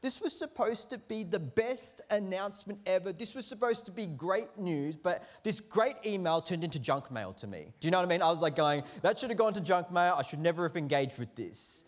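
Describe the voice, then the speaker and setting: A man, preaching a sermon as a lively storyteller who acts out the quotes in his anecdotes. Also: high-pitched, a little fast, hardly any pauses. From Australia. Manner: animated storyteller acting out quotes, lively swings in loudness. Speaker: pastor.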